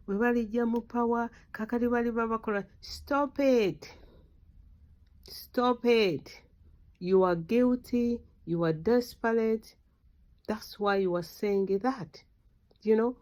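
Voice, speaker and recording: A middle-aged woman from Uganda, an activist giving an impassioned political speech, exhorting listeners with sudden loud outbursts. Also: on the high side.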